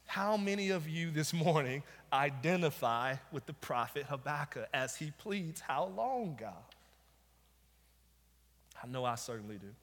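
A male pastor preaches with a notably high voice, leaning hard on repeated rhetorical questions. His delivery is emphatic and pointed. The sound rings out with the long reverb of a large church sanctuary. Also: moderate pace, few pauses, fairly bright tone. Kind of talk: sermon.

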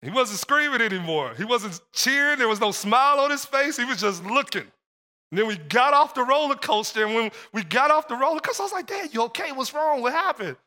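High bright-voiced man preaching. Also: expressive, brisk, in a large hall. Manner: storytelling, repeats phrases for emphasis. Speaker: pastor. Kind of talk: sermon.

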